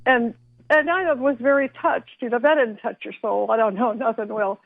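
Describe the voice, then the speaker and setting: A woman calling into a radio talk show, excited and chatty, apologizing as she tries to calm down. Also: a little high, moderate pace, creaky, no echo. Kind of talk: phone-in call. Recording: tinny phone line.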